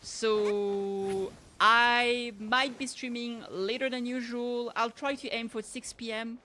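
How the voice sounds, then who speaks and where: A woman's voice: a little high, steady tone, slow, sharp tone, slight background noise. A woman from France with a slight French accent, chatting casually with her stream viewers in a rambling way, full of fillers and restarts.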